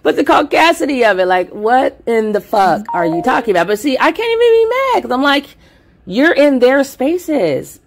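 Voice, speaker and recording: A woman giving a blunt, heated commentary monologue, with frequent swearing. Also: fairly low pitch. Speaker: commentary vlogger.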